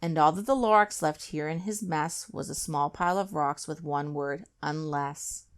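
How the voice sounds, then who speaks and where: A woman reading a rhyming children's book aloud with an expressive, rhythmic delivery. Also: low-pitched, normal speed. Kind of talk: read-aloud storytelling.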